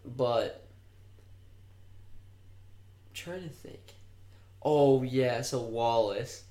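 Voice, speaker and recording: A man's voice: medium pitch, very slow, warm tone. Profane young man, roomy echo. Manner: rambling, profane, laughs at his own stories. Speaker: podcast co-host. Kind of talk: casual chat, storytelling.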